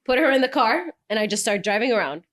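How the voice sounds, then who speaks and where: Lively young woman telling stories. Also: fairly high pitch, fast. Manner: animated storyteller, laughs often. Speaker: guest, news presenter. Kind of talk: casual podcast chat.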